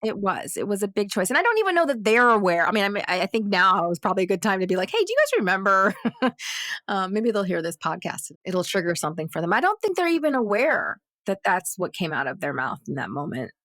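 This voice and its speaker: A woman, a guest actress on a podcast round table, telling a personal story in a lively way and acting out the other people's voices. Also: medium pitch, fast talker, dry recording, studio quality. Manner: animated, acts out quoted voices.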